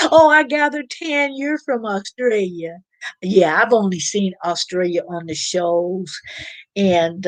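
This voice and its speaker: A woman's voice: on the low side, dry recording, poor audio. A woman hosting a casual live-stream chat, reading viewers' comments aloud and rambling along with plenty of fillers. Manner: chatty and rambling, with frequent fillers and restarts.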